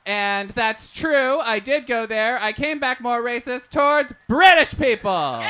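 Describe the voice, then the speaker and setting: A woman from Portland works a live comedy cafe crowd on a handheld mic. Her voice is bright and a little high, with a forceful edge. She talks in an animated, foul-mouthed way, with laughter slipping through. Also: unhurried, hardly any pauses, slight background noise. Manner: animated, profane, laughs at own jokes. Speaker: stand-up comedian. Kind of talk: live stand-up set.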